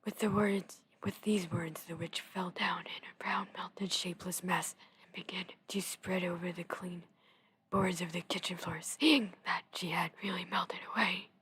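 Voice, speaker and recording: Breathy whispering young woman. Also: lowish voice, fairly even intonation, measured pace. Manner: soft whisper, casual with many "like"s in asides. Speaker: gaming video host reading aloud. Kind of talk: whispered storybook reading with chatty asides.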